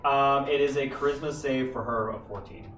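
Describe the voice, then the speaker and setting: A man's voice: mid-range voice, steady tone, moderate pace, a bit bright, faint music behind. A man playing a tabletop game, hesitant and precise about the rules. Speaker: player. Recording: echoey room, far from mic.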